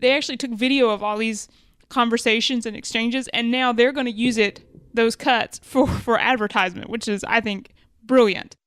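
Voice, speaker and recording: Smooth-voiced woman podcaster. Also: fairly high pitch, steady tone, moderate pace, a bit bright, no echo. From Alabama, USA. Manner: conversational, thinks aloud and corrects her wording. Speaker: podcast co-host. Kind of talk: business podcast monologue.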